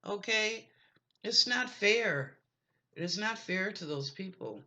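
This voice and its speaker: Brief: middle-aged woman host from the US, emphatic folksy monologue to camera, bright edge to the voice. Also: mid-range voice, animated, slow pace. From United States. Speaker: online psychic show host.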